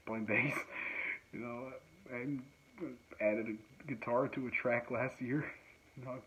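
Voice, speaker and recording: A man's voice: mid-range voice, fairly even intonation, slow, fairly bright tone. A man, a musician, chatting casually and rambling with many fillers and laughs, recorded at home. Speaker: musician and podcast host. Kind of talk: casual chat. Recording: dull lo-fi sound with faint noise.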